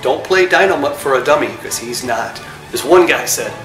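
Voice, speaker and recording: A man chatting casually as host while he retells old comic gags. His voice sits at a middle pitch, and it echoes in the room. Music plays behind him. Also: lively intonation, a little fast, fairly bright tone. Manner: chatty storyteller acting out jokes.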